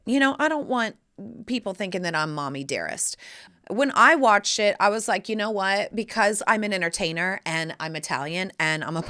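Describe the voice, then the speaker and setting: A woman in her forties hosts her own casual solo podcast, her lowish voice a bit bright. She talks in a sassy, theatrical way and calls the listener "honey."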